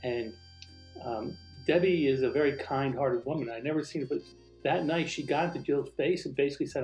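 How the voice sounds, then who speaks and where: Male storyteller, lively delivery, acts out dialogue; echoey room, faint music underneath. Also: medium pitch, a little fast. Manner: animated, acts out quoted dialogue. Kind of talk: recounting a true personal story.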